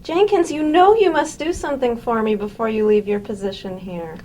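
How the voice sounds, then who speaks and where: A woman's voice: on the high side, moderate pace, dark tone, poor audio. A woman hosting a horror show, flirty and theatrical in a campy sketch.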